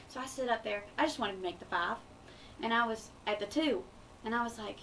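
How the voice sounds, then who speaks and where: A woman in her twenties, a radio show guest, telling stories in an animated, bubbly way. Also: medium pitch, fast talker. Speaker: guest, pageant winner. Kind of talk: casual radio interview. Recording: distant mic with faint room noise.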